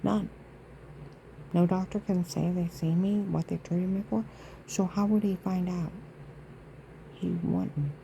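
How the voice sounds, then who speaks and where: A woman rambles through an indignant, aggrieved monologue for her vlog, emphatic and full of asides. Her voice sits low and dark, with a gravelly rasp, and a faint hiss runs underneath. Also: fairly even intonation, slow pace, pauses often, poor audio. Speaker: vlogger.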